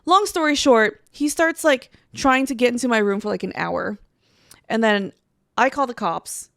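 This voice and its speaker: Gravelly-voiced woman telling a story. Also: fairly high pitch, normal speed, no echo, clean studio sound. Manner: profane, animated storytelling with acted quotes. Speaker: co-host. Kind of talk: casual chat.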